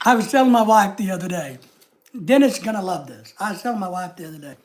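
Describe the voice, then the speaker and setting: A man's voice: sits high, animated, fast. An American man hosting a livestream, chatting casually and reading out and greeting viewer comments from his home desk. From United States. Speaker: livestream host. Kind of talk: casual live chat.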